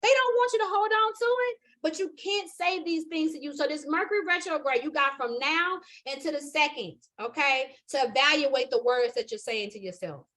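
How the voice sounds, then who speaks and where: A woman's voice: high voice, normal speed, few pauses, pushed and bright. A woman leading a live astrology class in an emphatic, preachy manner, repeating her points and checking in with "okay?". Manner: repetitive, building emphasis. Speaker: astrology teacher. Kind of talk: live motivational spiritual class.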